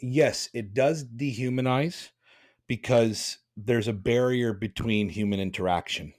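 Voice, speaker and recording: A man's voice: medium pitch, measured pace. Blunt, impassioned man. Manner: blunt, impassioned, rambling with restarts. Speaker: podcast host. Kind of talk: casual podcast chat.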